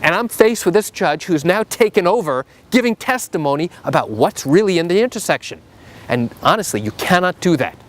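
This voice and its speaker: A middle-aged man, a trial attorney, telling a story to the camera in an animated, emphatic way. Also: high voice, brisk. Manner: animated and emphatic, acts out the quotes.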